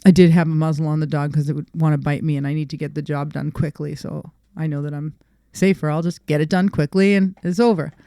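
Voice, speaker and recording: Animated woman telling stories, smooth dry voice. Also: low-pitched, quick pace, no echo. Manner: animated storyteller who acts out quoted people. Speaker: dog trainer and podcast co-host. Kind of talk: casual podcast chat.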